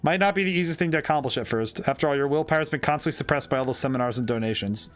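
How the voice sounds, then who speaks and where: A man's voice: mid-range voice, rapid-fire, faint music behind, lightly acted. A man reading an earnest young fortune teller woman. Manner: reads the dialogue aloud in his own voice, calm and sincere.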